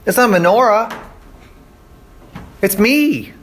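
A man paraphrasing Jesus as a calm adult male teacher, speaking plainly with emphasis. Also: sits high, slow, a little hiss or hum, voice pushed up, full character voice. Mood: emphatic.

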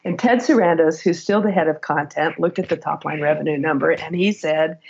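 A middle-aged woman, a guest in an interview, telling work stories in an animated way and laughing as she goes. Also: lowish voice, moderate pace, slightly rough, highs cut off. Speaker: guest, former HR executive. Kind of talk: conversational interview storytelling.

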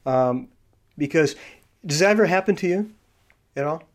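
Pria pembawa podcast yang banyak jeda. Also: male voice, a little high, expressive. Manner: halting, many fillers and restarts; explains behavior traits in a coaching tone. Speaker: podcast host. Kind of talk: casual interview.

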